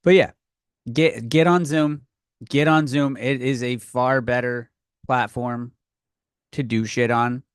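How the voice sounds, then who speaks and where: A man's voice: medium pitch, fairly even intonation, slow pace, pauses often, clean tone, dry recording, clean studio sound. A man hosting a comedy podcast, ranting with lots of profanity and stumbling restarts, recorded on his own podcast microphone. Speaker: podcast host. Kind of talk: comedic rant.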